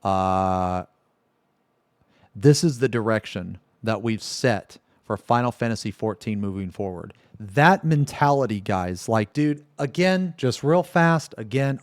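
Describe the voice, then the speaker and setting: A man's voice: mid-range voice, darkish tone, no echo, clean studio sound. A man streaming live, ranting emphatically, swearing freely and checking in with the audience again and again. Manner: emphatic, keeps asking "okay?", swears freely.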